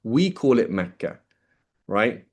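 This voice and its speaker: A man's voice: medium pitch, sing-song, slow pace, darkish tone. A man teaching a class in a casual, chatty way, often checking in with students and asking them questions. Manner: casual, checks in with "right?" constantly. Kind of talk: classroom lecture.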